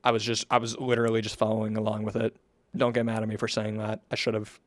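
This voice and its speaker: A man's voice: lowish voice, monotone, fast, no echo. A man reading a long document aloud to his viewers, stumbling, correcting himself and adding apologetic casual asides. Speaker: commentator reading a document on stream.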